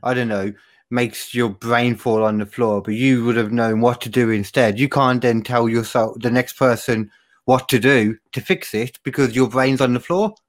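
A man in a casual podcast chat, thinking aloud and reacting with sharp disbelief. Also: medium pitch, fairly even intonation, moderate pace. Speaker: podcast co-host.

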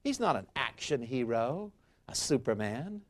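A man's voice: medium pitch, a little slow. A man giving a history lecture, retelling an ancient tale dramatically and acting out the quotes. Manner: dramatic and expressive, acts out quotes. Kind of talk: storytelling lecture.

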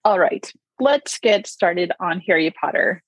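A woman's voice: lowish voice, lively intonation, unhurried, breathy edge, dry recording, low-quality recording. A woman co-hosting a podcast in casual chat, teasing her co-host, swearing freely and laughing a lot.

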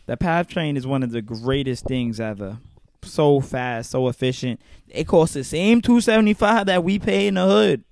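Young new dude venting on a podcast, kinda high voice, super dry mic. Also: male voice, moderate pace, gravelly, dry recording. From New York. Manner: animated, profane ranting with exaggerated mock quotes. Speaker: podcast host. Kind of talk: casual chat.

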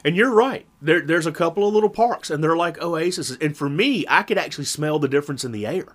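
A man's voice: a little high, lively intonation, fairly quick, a bit bright. A man with a Southern Virginia drawl, telling rambling stories in casual chat as a podcast co-host. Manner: rambling storyteller, chuckles often.

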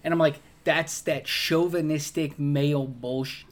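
A podcast co-host chats casually about a movie, animatedly acting out its scenes with voices and grunts in a relaxed review. His voice is on the high side, steady in tone, and a little slow.

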